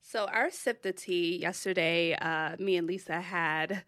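A woman's voice: lowish voice, a little slow, fairly bright tone, no room sound. Easygoing woman podcast co-host. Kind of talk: casual podcast chat.

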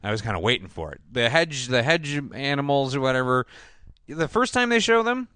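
Blunt, animated man chatting. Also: medium pitch, a little fast, smooth, no room sound. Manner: blunt, swears freely, animated opinions. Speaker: podcast co-host. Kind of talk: casual chat.

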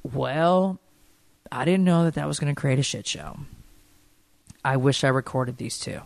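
A middle-aged woman co-hosting a podcast, telling stories in animated, chatty conversation. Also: rumbling low, measured pace, vocal fry, no echo. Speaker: podcast co-host. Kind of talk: casual chat.

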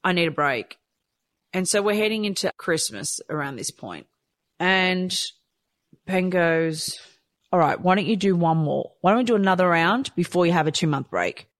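A woman's voice: fairly low pitch, moderate pace, no room sound. Woman, 30s, candid personal storyteller, emotional swings, dry close sound. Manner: emotional, candid, swears, swings between quiet and excited. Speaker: vlogger sharing her own story.

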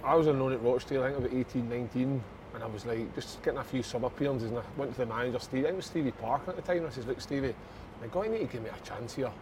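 A man's voice: mid-range voice, racing, a little mellow, slight background noise. A man in his thirties telling a football story in casual chat, swearing and laughing. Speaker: podcast guest, former footballer.

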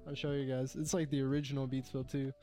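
A man's voice: medium pitch, flat delivery, quick pace, warm tone, soft background music. A young man chatting casually among friends, rambling and slangy, often mimicking a device's voice. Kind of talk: casual chat.

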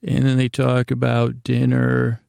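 A man hosting a slow bedtime podcast, recapping a TV episode in a meandering, hesitant way with frequent restarts. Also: mid-range voice, completely flat delivery, creaky, a little mellow, dry recording, clean studio sound. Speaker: podcast host.

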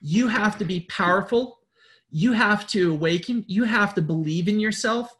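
A man's voice: sits high, moderate pace, fairly bright tone. Guy giving a swear-heavy spiritual pep talk, keeps restarting and repeating himself, blunt preachy tone. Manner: repeats words and restarts sentences. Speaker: host.

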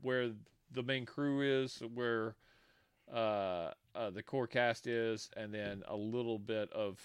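A man's voice: on the low side, steady tone, slow, smooth, no echo. A man chatting casually and enthusiastically about a TV show, laughing often and swearing freely. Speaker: co-host discussing a TV show. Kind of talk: casual chat.

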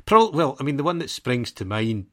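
A man's voice: mid-range voice, very animated, normal speed. A man co-hosting a football podcast, chatting casually in a rambling, self-deprecating way and laughing often. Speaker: podcast co-host.

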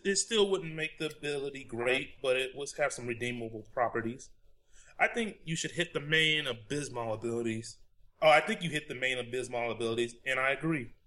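A man's voice: medium pitch, bright, forceful tone. A man hosting a podcast in casual chat, dry and joking, explaining game tactics in detail. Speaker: podcast host.

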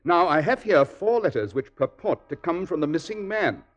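An ironic, commanding detective. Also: male voice, on the high side, sing-song, moderate pace, lo-fi sound. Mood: lecturing. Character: brilliant, dry, self-assured male detective. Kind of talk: 1940s radio acting.

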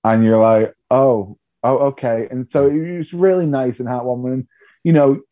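A man's voice: mid-range voice, moderate pace, no room sound, narrow, tinny audio. A male comedian, telling stories candidly and with self-deprecating humour in a podcast interview. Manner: self-deprecating, animated storytelling. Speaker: comedian guest.

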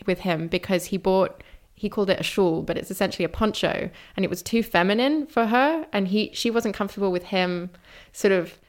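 A woman's voice: mid-range voice, brisk, few pauses. A woman interviewer who talks in a chatty, candid way and laughs at herself. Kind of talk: casual interview talk.

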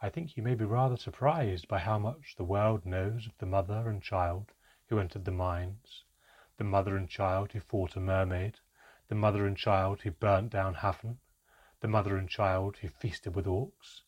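A man voicing a calm, aloof female elf in an audiobook, speaking in a measured way with deliberate pauses and a husky voice. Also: on the low side, lightly acted. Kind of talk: audiobook character reading.

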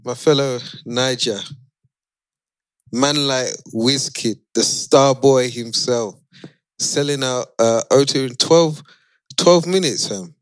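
A man's voice: medium pitch, slow, smooth, no room sound. A man, co-hosting a podcast in casual group chat, bantering playfully. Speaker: podcast co-host. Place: remote call.

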